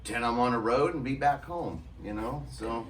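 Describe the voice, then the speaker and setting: A laid-back man telling lively road stories in a casual chat. He sounds a bit distant from the mic, with a faint hum of ambient noise behind him. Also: medium pitch, moderate pace. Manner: animated storyteller, does voices in anecdotes. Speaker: touring musician guest.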